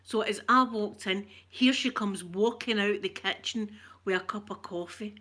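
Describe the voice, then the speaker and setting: A woman's voice: mid-range voice, moderate pace, pushed and bright. A Scottish woman telling a rambling, emotional story in casual chat and greeting viewers as she goes. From Scotland. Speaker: vlogger talking to viewers.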